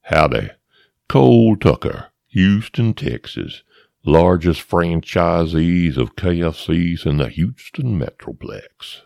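A man voicing a brash, booming Texan businessman introducing himself like a salesman. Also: lively intonation, takes it slowly, creaky, darkish tone, dry recording, clean studio sound, full character voice. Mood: boastful. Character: brash Texan chicken-franchise tycoon, grown man.

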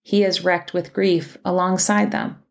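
A woman podcast host reading a scripted, reflective sermon and telling a story in measured phrases. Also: fairly low pitch, fairly even intonation, vocal fry.

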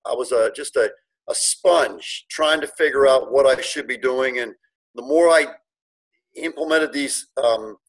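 A man's voice: mid-range voice, unhurried, low-quality recording. A middle-aged man telling his story as an interview guest, earnest and emotional, with many restarts. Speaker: guest, car dealership owner.

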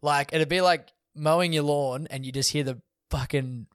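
A young man telling a story in a relaxed podcast chat, swearing often and laughing as he goes. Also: fairly high pitch, normal speed, smooth, no room sound, studio quality. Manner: laid-back, swears often, laughs through stories. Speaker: guest.

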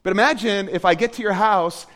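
High-voiced man preaching in a reverberant hall. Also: fairly quick. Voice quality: animated, conversational preaching with emphatic rises. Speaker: pastor. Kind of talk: sermon.

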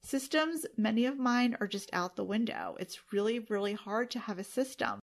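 Her pitch sits fairly high and she talks at a moderate speed in this solo podcast monologue. As host, she speaks to her audience with earnest feeling, becoming tearful at moments.

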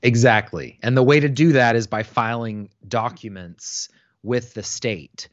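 A man with a mid-pitched voice calmly explains legal planning as a podcast co-host. The recording sounds slightly dull and dry, with no room echo. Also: measured pace. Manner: calm, explains plainly. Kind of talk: casual explanatory chat.

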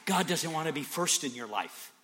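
Male preacher, higher pitch, very lively delivery, jumps from whispers to shouts, emphatic repetition. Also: moderate pace. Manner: dramatic swings from hushed whispers to shouts. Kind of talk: sermon.

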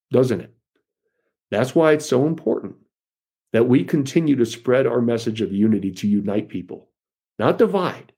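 A man's voice: medium pitch, a little mellow, slightly rough. A man giving an impassioned political speech to supporters, rousing and repeatedly calling them folks. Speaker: political speaker.

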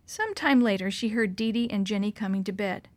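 A woman narrating a children's storybook aloud in an expressive, lively way. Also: mid-range voice, brisk, dry recording.

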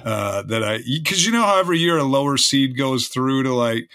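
A man co-hosts a podcast in a bright, forward voice that sounds close and dry with no room sound. He talks in a chatty, teasing way. His pitch sits in a middle range for a man. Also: expressive, fairly quick, clean tone, no echo. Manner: teasing, chatty, talks through sports trivia. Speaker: podcast co-host. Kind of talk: casual podcast chat.

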